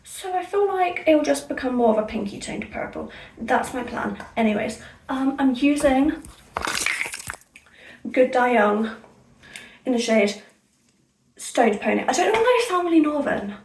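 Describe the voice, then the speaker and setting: Rambling young woman, gravelly voice. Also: high-pitched, big pitch swings, a little slow, long pauses, darkish tone, distant mic, a little hiss or hum. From Somerset, England. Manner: rambling, self-correcting and chatty. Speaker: vlogger. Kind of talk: casual hair-dye vlog chat. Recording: echoey room, off-mic.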